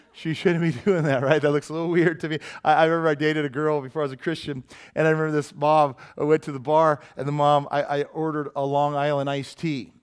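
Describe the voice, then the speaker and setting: A man preaching a sermon as pastor, in a lively, joking and emphatic way. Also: on the high side, clear, resonant tone.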